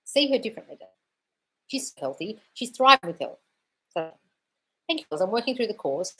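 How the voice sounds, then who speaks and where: A woman's voice: mid-range voice, big pitch swings, a little fast, pauses often, fairly bright tone, husky, soft background music. A woman coach hosting a live Q&A, reading viewers' chat questions and answering bluntly, swearing freely and calling people darling. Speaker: manifestation coach.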